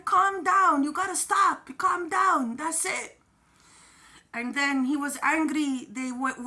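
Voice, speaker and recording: A woman's voice: high-pitched, sharp tone. A woman casually retelling a story, often repeating her phrases.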